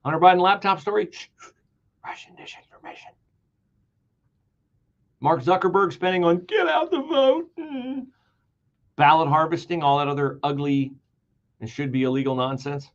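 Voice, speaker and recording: A man's voice: on the high side, normal speed, highs cut off. A man hosting a political talk radio show, delivering an emphatic, sarcastic monologue that repeats key words for emphasis.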